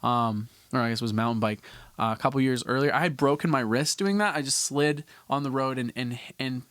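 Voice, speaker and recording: A man's voice: medium pitch, brisk, a bit bright, no echo. Young man rambling through a story. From Canada. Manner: rambling, frequent restarts and casual swearing. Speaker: podcast host. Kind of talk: casual storytelling.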